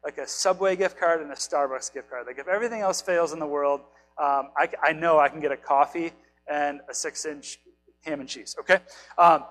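A man's voice: fairly high pitch, moderate pace, a bit bright, slight background noise, poor audio. A man in his thirties or forties, probably, preaching a casual, chatty sermon, joking about himself and asking his listeners questions. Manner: chatty, self-deprecating, asks the listeners questions. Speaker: pastor.

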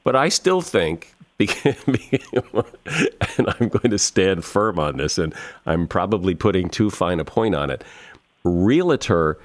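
A man's voice: deep voice, big pitch swings, slow pace. A man hosting a casual chat, good-humored and stubborn about word pronunciations, often chuckling. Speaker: podcast host.

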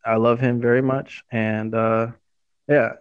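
A man co-hosting a podcast, telling a story in a rambling, halting way with many fillers. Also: medium pitch, little pitch movement, clean tone, no echo. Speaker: podcast co-host. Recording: dull dry lo-fi sound.

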